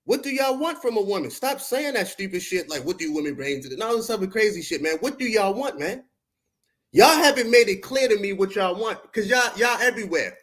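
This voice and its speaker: A man from Baltimore, speaking with a Baltimore accent, tears into his chat on a home livestream. His voice sits noticeably high. He lectures in a confrontational, profane street style with a preacher's cadence. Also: a bit bright. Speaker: podcast host. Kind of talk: heated livestream rant at chat.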